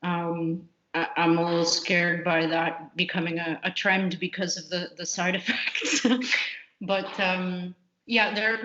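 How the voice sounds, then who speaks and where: A woman with a fairly low voice answers interview questions in a loose, candid way, stumbling through fillers and restarts. Her voice carries a roomy echo. The audio is muffled and lo-fi. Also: sharp tone. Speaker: computational biologist guest.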